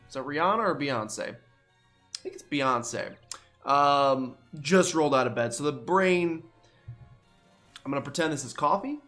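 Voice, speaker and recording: A man's voice: a little high, lively intonation, a little slow, pauses often, a bit bright, faint music behind. Groggy, chatty young man at play. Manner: rambling, self-deprecating, chatty. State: groggy, just woke up. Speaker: let's play host. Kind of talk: casual gameplay commentary.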